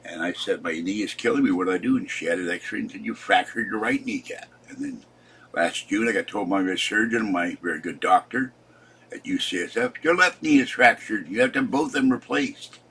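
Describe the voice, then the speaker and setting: A man's voice: on the low side, lively intonation, a little fast, a bit bright, breathy edge. A man in his seventies, tired and upset, rambling through a casual vlog and complaining as he trails off. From Pittsburgh. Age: 70s. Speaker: vlogger.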